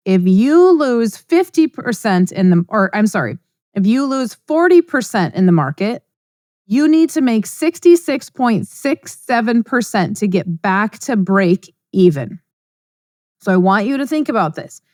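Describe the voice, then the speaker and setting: Speaking at a slightly slow pace, this middle-aged podcast host has a mid-range, somewhat mellow voice with lively intonation. Her casual monologue is blunt, emphatic and conversational, captured dry with studio quality.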